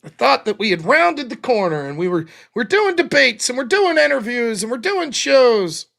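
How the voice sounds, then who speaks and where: A high-voiced man hosts a casual livestream, venting with heavy swearing. His pitch swings widely from line to line, and his tone is bright and tense. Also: sing-song, moderate pace, vocal fry. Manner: exasperated, profane venting. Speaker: livestream show host. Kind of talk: casual livestream talk, reading viewer donations.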